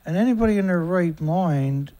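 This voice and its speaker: A middle-aged man hosts a daily news livestream in a loose, rambling style full of asides. His voice sits a little on the high side, and he is blunt and sarcastic, swearing freely. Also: animated, normal speed, dark tone. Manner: rambling with frequent fillers and asides. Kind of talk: casual livestream commentary.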